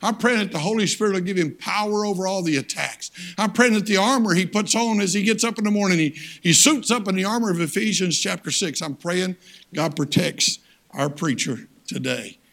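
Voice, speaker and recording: High-voiced older man preaching. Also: fairly quick, a bit bright. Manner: plain-spoken, folksy storytelling with emphatic turns. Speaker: guest preacher, missionary. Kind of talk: sermon with personal stories.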